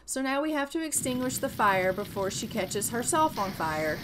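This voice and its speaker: A woman narrating her life-sim gameplay in casual, chatty style, sarcastic and quick to exclaim. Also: on the high side, big pitch swings, background noise. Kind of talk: casual let's-play narration.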